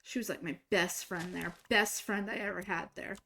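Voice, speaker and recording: A young woman streaming a game, casually telling a story, swinging between exasperated, swearing outbursts and quiet asides. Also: mid-range voice, moderate pace, vocal fry, few pauses, slight background noise. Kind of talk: casual storytelling while gaming.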